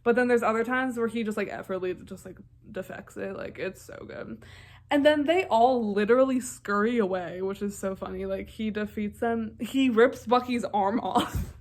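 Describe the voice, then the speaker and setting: A woman's voice: mid-range voice, normal speed. Rambling young woman recapping a film. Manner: rambling, filler-heavy, enthusiastic. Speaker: film reviewer.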